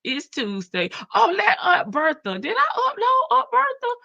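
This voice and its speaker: A woman's voice: extremely high pitch, wildly swooping pitch, a little slow, creaky, bright, forceful tone, lo-fi sound. A woman with a country Southern drawl hosting a casual livestream, chatting, laughing and reading viewer comments. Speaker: livestream reaction host.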